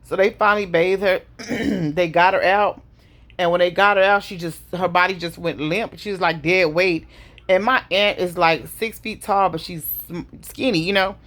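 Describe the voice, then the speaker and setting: A middle-aged woman retelling a painful family loss in a casual personal story, slowly and heavily, with pauses and sighs. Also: lowish voice, fairly even intonation, fairly bright tone. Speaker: vlogger telling her story.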